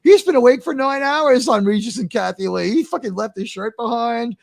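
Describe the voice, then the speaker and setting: An American man hosting a live talk show, telling stories in a rambling, animated way with lots of fillers. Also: very high voice, moderate pace, gravelly, dry recording, studio quality. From United States. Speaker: host.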